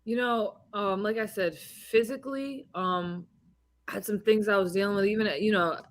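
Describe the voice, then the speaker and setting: An animated woman in casual conversation, recounting events with lively energy and slipping into other people's voices as she quotes them. She speaks at a medium pitch over a video call. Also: normal speed. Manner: animated storyteller, acts out quoted dialogue. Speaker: boxing champion guest. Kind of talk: casual interview chat.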